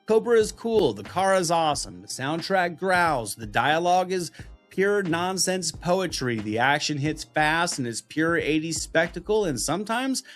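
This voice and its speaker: Middle-aged male host, scripted reflective narration, easygoing, slightly high pitch. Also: unhurried, soft background music. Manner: relaxed, reflective, affectionate.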